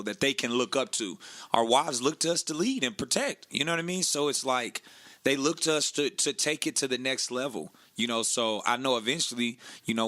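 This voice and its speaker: An earnest, reflective young man in a casual chat who keeps saying "man". His voice sits at a middle pitch and sounds bright and forceful. The recording is dry and close. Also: no echo. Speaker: podcast co-host.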